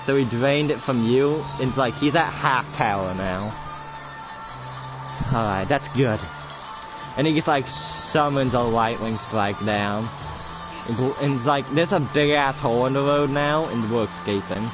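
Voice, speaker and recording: A young man narrates a roleplay fight in a rush of excitement, swearing freely and acting out the blows with grunts and cries. His voice climbs and dips, full of energy. The sound is muffled and lo-fi, with music playing clearly behind him. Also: medium pitch, unhurried. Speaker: roleplay player. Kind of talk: improvised roleplay storytelling.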